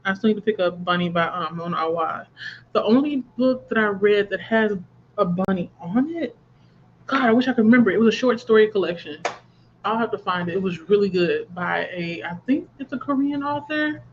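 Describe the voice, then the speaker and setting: A woman's voice: mid-range voice, animated, brisk, highs cut off, slight background noise. A woman hosting a book channel livestream, chatting casually, reading viewer comments aloud and laughing often.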